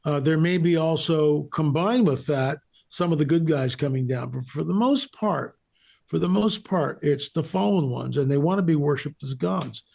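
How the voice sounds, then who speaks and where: Emphatic man with a gravelly voice. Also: a little high, normal speed, a little mellow. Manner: emphatic, repeats phrases for stress. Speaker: guest researcher and author. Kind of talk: interview conversation.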